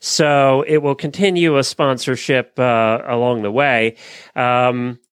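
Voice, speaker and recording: A man's voice: medium pitch, fairly even intonation, takes it slowly, clean tone, no echo, studio quality. Easygoing middle-aged man co-hosting. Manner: easygoing, filler-heavy, plainspoken. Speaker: co-host. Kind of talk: casual chat, reading news items.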